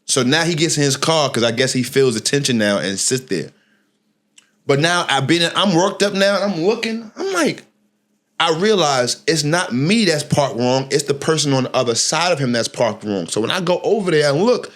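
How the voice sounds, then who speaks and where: A middle-aged man hosting a podcast, telling a personal story in a casual, slangy, animated way and often restarting his phrases. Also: on the high side, normal speed. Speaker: podcast host.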